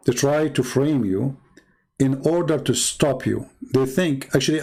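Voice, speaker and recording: A man's voice: mid-range voice, warm tone. A man hosting a livestream, talking in a blunt, combative and repetitive way. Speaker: host. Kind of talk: livestream commentary.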